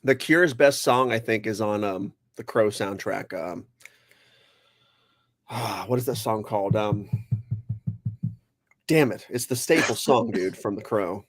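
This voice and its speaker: A man's voice: lowish voice, takes it slowly, long pauses, no room sound. A man co-hosting a casual live stream, laid-back and swearing casually. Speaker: podcast co-host.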